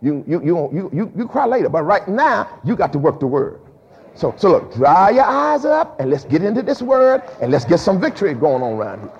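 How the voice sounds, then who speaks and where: A man a sermon as pastor, lively and emphatic, with frequent repeated words and casual dialect. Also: high-pitched, fairly quick, slight background noise. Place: church sanctuary. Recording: dull lo-fi recording with long hall reverb.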